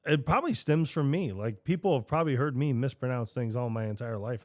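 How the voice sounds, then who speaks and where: A man's voice: mid-range voice, fairly quick, few pauses, no echo, clean studio sound. A man co-hosting a podcast in casual chat, laid-back, laughing as he tells stories. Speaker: podcast co-host.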